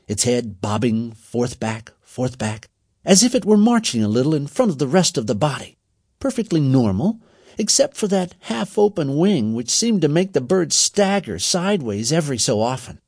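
Expressive husky male storyteller. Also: mid-range voice, no room sound, studio quality. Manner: expressive, measured. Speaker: narrator. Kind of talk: storybook reading.

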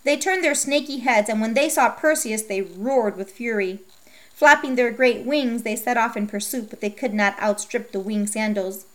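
A woman narrating a myth as a storybook reading, with a steady, measured delivery. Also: on the high side.

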